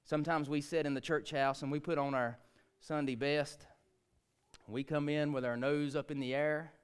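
A man, preaching a sermon, swinging between hushed, quiet lines and loud, rising ones. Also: on the high side, steady tone, normal speed, smooth. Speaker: pastor.

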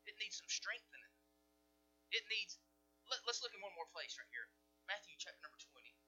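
A man preaching a sermon as pastor, swinging from loud declarations to hushed asides. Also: high-pitched, very animated, moderate pace, rough recording.

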